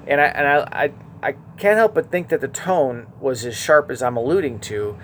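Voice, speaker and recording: A man preaching a verse-by-verse Bible teaching, earnest, moving between quiet asides and emphatic, stressed lines. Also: medium pitch, normal speed, a little hiss or hum.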